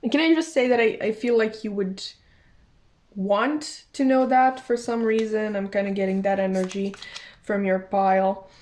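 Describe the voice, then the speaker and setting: A woman's voice: medium pitch, fairly even intonation, moderate pace, a little mellow. A young woman chatting casually through a tarot card reading, thinking aloud, often apologizing and restarting her sentences. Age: young adult. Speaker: tarot reader.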